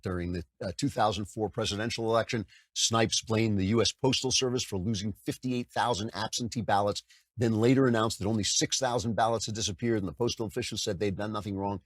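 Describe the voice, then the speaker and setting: A man's voice: fairly low pitch, no echo. An older man hosting a political commentary show, talking conversationally and slipping into mocking impressions. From United States. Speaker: podcast host.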